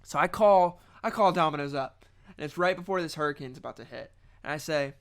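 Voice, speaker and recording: A man's voice: a little high, steady tone, brisk, fairly bright tone, clean tone. A young man hosting a casual podcast, rambling through a funny story with lots of restarts. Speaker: podcast and stream host. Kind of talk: casual chat.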